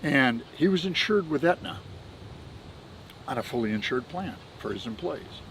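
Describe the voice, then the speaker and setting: A man's voice: medium pitch, expressive, moderate pace, creaky, slight background noise, poor audio. A man in his seventies, a podcast guest, telling folksy business anecdotes and chuckling between stories. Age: 70s. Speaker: podcast guest, benefits administrator. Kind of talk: anecdotal storytelling.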